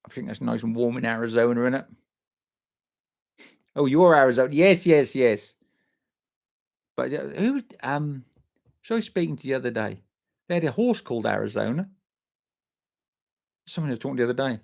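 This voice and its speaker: A man's voice: mid-range voice, expressive, normal speed, gravelly, long pauses, a little mellow. A man hosting a live stream, chatting casually and swearing freely as he reads out and answers viewer comments by name. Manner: loose, sweary and matey, answering chat by name.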